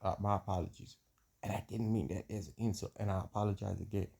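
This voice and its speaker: A man's voice: fairly low pitch, steady tone, fast talker, gravelly, mellow, husky. A middle-aged man with a South African accent giving a mock-formal, self-deprecating comic monologue. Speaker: social media comedian.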